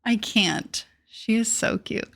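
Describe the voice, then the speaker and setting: A woman's voice: on the high side, slow, vocal fry, fairly bright tone. A young woman streaming, chatting casually and gushing as she greets viewers and reads chat aloud.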